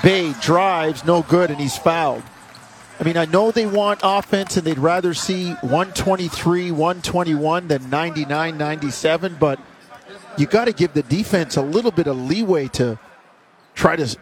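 A man calling basketball play-by-play in clipped bursts that rise on made shots. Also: a little high. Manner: rapid clipped calls, rising on made shots. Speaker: play-by-play announcer.

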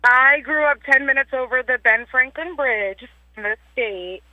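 A woman's voice: high-pitched, normal speed, dry recording. A woman calling in to a radio show from her car, sounding confident and emphatic. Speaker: radio caller. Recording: tinny phone line from a car.

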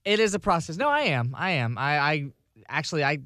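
Male radio co-host, rapid, slightly high voice, candid and halting, dry close mic. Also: very animated, bright, forceful tone, no echo. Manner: candid, halting, searching for words. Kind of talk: casual on-air chat.

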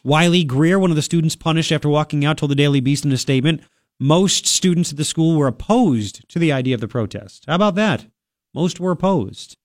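Sniffly talk radio host, dry studio sound. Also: male voice, on the high side, animated, quick pace, no echo. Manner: sarcastic, chatty, reads news aloud with asides. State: stuffy, sniffling from a cold. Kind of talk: casual talk radio commentary. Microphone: studio microphone.

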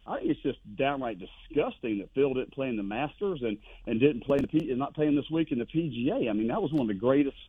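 A man calling in to a sports radio show, telling stories in an animated way with voices for the people he quotes. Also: mid-range voice, quick pace, few pauses, slightly rough. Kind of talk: casual storytelling on a phone line. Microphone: telephone. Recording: tinny dry phone line.

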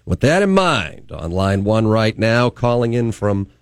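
A man's voice: fairly low pitch, big pitch swings, measured pace, clean tone, no room sound. A man from Boston hosting a morning talk radio show from the studio in an upbeat announcer delivery. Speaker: radio host.

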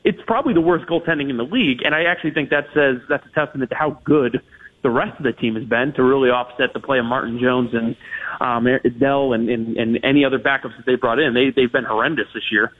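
A fast-talking man with a medium-pitched voice breaks down hockey as a guest on a radio interview. He speaks in long stretches riddled with restarts and fillers, and the audio is a tinny phone line on radio.

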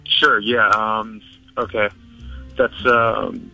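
A man's voice: mid-range voice, normal speed, sharp tone, soft background music, low-quality recording. A man on a radio prank call who sounds hesitant and defensive, with lots of fillers. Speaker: caller.

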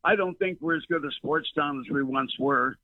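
A man's voice: a little high, normal speed, no room sound. Older man on a tinny phone line. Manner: storyteller, many fillers and restarts. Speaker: veteran broadcaster guest. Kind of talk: rambling reminiscing interview.

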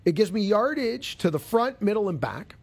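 A man's voice: high voice, very animated, normal speed, creaky, a little mellow, breathy edge. A male golf show host chatting casually with a co-host and reading a product plug in a self-deprecating way. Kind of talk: casual show chat and ad read.

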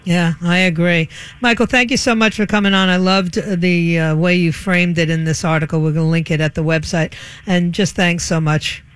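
A woman hosting a talk radio interview, animated and exclaiming, quick to laugh along with her guest. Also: lowish voice, clean tone, no room sound. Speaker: radio talk show host.

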